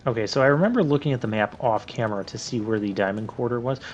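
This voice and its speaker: A man's voice: mid-range voice, fast, lo-fi sound, a little hiss or hum. A man hosting a let's play, giving chatty, joking, rambling commentary over recorded gameplay.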